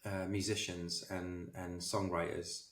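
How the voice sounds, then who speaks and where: A film director, a man, telling anecdotes in an animated, self-deprecating way as an interview guest. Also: deep voice, measured pace, distant mic. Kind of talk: casual interview storytelling. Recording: roomy echo.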